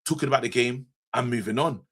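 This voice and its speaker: Dude talking football on a podcast, bright voice, excitable and slangy. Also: male voice, medium pitch, a little hiss or hum. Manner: excitable, slangy, quick restarts. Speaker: co-host. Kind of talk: casual football podcast chat.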